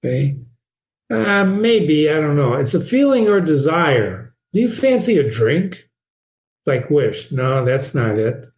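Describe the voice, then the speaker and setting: Man, reading teacher, informal lesson, repeats phrases, questions the listener, fairly high voice, roomy echo. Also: sing-song, slow, a little mellow.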